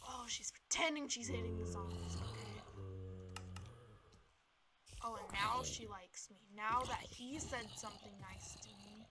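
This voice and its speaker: A woman chatting through a game as she plays, reacting aloud and letting out sudden high yelps. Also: background noise. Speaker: gamer. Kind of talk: let's play commentary.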